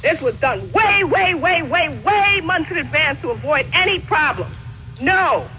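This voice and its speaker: A woman on a phone call, stubborn and insistent, repeating herself and raising her voice to shouting at times. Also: high-pitched, expressive, unhurried. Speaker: prank call target.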